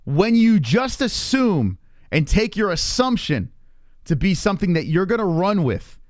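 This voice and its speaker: Animated, ranting male streamer. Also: high-pitched, a little slow, dry recording, studio quality. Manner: heated, profane, animated ranting. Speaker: live stream host. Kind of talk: casual rant on a live stream.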